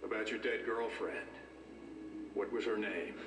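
An actor playing a calm male interrogator who questions a patient insistently. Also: lowish voice, unhurried, noisy background, lightly acted. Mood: probing. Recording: game audio in a roomy space, from far off, with music.

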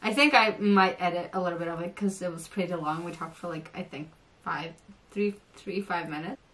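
A young woman vlogger telling an excited storytime, gushing and giggly, tripping over her words. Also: fairly low pitch, a little fast, very noisy. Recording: voice a bit far from the mic.

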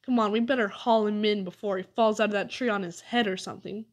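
A woman's voice: mid-range voice, steady tone, fast talker, close to an everyday voice. A woman reading aloud and voicing a bossy, no-nonsense boy who talks curtly and gives orders. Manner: curt and commanding.

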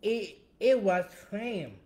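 A young man with a high voice talks in a soft, halting way, repeating words as he goes. He is co-hosting a casual chat show. The room around him is echoey. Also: lively intonation. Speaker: co-host.

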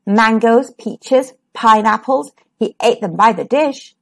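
A woman reading a rhyming children's picture book aloud, expressive and sing-song. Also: a little high, slow, vocal fry. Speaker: children's storyteller.

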